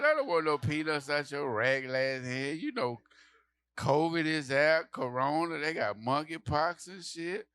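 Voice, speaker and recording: A man doing a stand-up comedy set, telling a story loudly and acting out the people in it, with lots of swearing. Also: on the high side, unhurried, clean tone, no echo. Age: adult. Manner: loud animated storytelling, acting out characters, profane.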